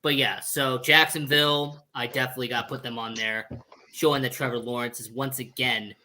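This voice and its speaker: A man gives confident, opinionated football analysis on a casual podcast. His voice is mid-pitched and bright, and his delivery is measured. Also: fairly even intonation, slight background noise. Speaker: podcast co-host.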